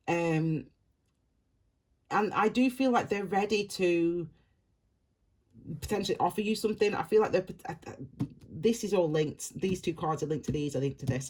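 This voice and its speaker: A tarot reader with a mid-range, slightly mellow voice and a breathy edge speaks straight to the viewer, rambling loosely and returning to the same phrases. Throughout, the reading remains casual and reassuring.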